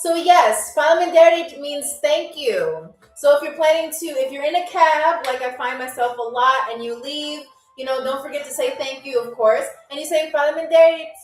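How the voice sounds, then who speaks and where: A woman with a high voice hosts a live game show, teasing her players in a chatty, playful way. She sits back from the mic in an echoey room, with faint music underneath. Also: normal speed, few pauses, distant mic. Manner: chatty, teasing, laughs often. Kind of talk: playful livestream hosting.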